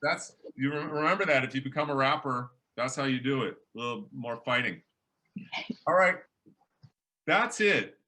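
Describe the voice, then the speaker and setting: Bright-voiced chatty male professor. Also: mid-range voice, lively intonation, normal speed. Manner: chatty, many restarts and fillers. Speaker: professor hosting a workshop. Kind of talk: casual workshop talk.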